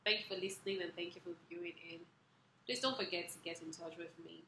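A woman's voice: fairly low pitch, steady tone, quick pace, pushed and bright. A middle-aged woman telling personal stories to camera as the host of her vlog, earnest and emotional, letting her feelings show. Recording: echoey room with faint background hiss.

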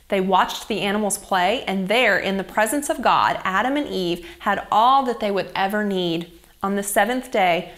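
A young woman reading a Bible story to children as a children's church teacher, in a gentle and expressive storytelling manner. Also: mid-range voice.

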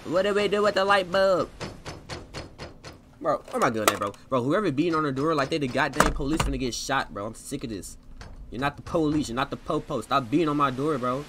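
A young man giving live commentary on a video game he is playing, with slangy reactions and sudden loud outbursts. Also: medium pitch, fast, background noise. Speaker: gaming streamer. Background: loud game music with plucked guitar.

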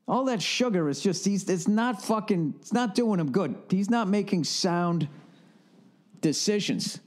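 A man's voice: high-pitched, expressive, measured pace, darkish tone. A middle-aged man with a Boston accent, ranting solo as a podcast host in a casual comedic monologue, profane and laughing often. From northern United States. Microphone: studio podcast mic.

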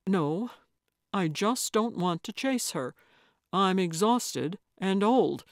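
A woman's voice: mid-range voice, lively intonation, slow, no echo, clean studio sound. Woman reading as a tired grumbling old man. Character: weary older man, reluctant senior sleuth.

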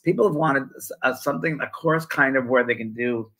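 An older man chats loosely, circling back with many ums and restarts as he tells a story. His voice is gravelly with a husky edge, sitting at a middle pitch for a man. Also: fairly quick, a bit bright, low-quality recording. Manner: rambling, with many fillers and restarts. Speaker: co-host, spiritual medium. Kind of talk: casual conversational storytelling.

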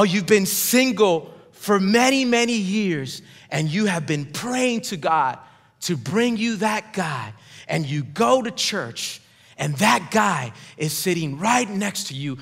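High-voiced preaching man in reverberant hall. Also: big pitch swings, measured pace, creaky, fairly bright tone. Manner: emphatic preaching, calls for congregation responses. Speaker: pastor. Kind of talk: sermon. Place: large church auditorium.

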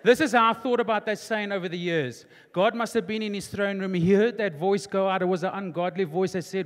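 A man, preaching a sermon as pastor in a large church auditorium, emphatic and repetitive, building to near-shouting. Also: high voice, steady tone, a little fast, hardly any pauses. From South Africa. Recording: long hall reverb in church auditorium.

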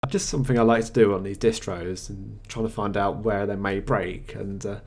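A man with a somewhat low, slightly husky voice talks through a software review over a screencast. He stays matter-of-fact and conversational, with the odd hesitation as he clicks through menus. He sounds like he is recording at his own computer's microphone. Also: steady tone, moderate pace. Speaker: tech reviewer.

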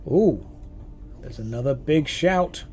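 A man's voice: on the high side, expressive, slow, warm tone, slightly rough. A man with a British accent chatting casually while streaming a game, rambling through sarcastic banter.

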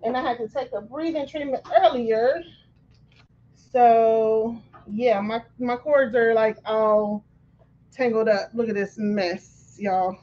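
A woman's voice: fairly high pitch, fairly even intonation, slow pace, darkish tone. A woman hosting a craft livestream from her home office, chatting casually, greeting viewers by name and apologizing for running late. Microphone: computer mic on livestream. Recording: dull lo-fi stream audio.

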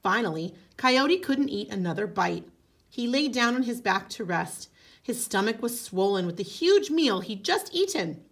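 A woman teacher reading a folk tale aloud, expressive, with casual asides. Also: mid-range voice, moderate pace. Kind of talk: storybook read-aloud.

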